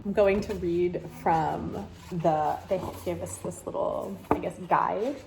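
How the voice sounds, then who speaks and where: A woman's voice: lowish voice, steady tone, slow pace, gravelly, echoey room, background noise. A young woman vlogging casually at a winery tasting, chatty and gushing with lots of "like"s. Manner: bubbly, gushing, chatty with many "like"s. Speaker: travel vlogger. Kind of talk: casual vlog chat.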